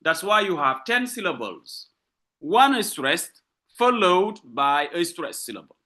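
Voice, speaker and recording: A man's voice: sits high, very animated, measured pace, bright, forceful tone. A man lecturing on poetry in a live online class, with a French-speaking West African accent, asking rhetorical questions and repeating points patiently. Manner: switches between French and English. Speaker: literature lecturer.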